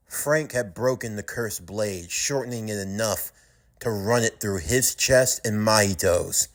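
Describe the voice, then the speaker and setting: A man narrating a fan-made audio drama with steady storytelling. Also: fairly low pitch, a little slow.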